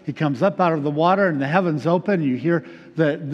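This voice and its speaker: A man preaching a reflective sermon as pastor, pausing often with fillers. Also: a little high, lo-fi sound. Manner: reflective, halting with many fillers. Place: church sanctuary. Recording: long reverb of a large hall.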